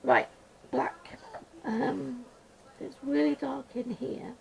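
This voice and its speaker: Woman, casual colouring chat, gravelly fry, slightly high, rambling mumbler, a bit stuffed up. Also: fairly even intonation, very slow, noisy background. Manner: rambling, mumbles quietly to herself. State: slightly congested, voice going gruff. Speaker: colouring channel host. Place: small room at home.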